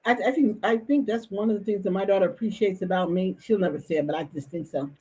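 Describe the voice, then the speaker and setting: A woman's voice: medium pitch, fast talker, warm tone, breathy edge. A middle-aged woman hosting an interview, chatting casually and telling stories with frequent restarts. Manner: talkative, with frequent restarts and storytelling. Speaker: host. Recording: dull lo-fi stream audio.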